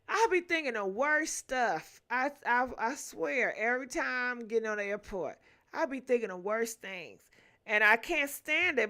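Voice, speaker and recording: A woman's voice: on the high side, animated, moderate pace, bright, forceful tone. A young woman, hosting a casual gossip livestream, reading viewer comments aloud, laughing often and humming to herself between them.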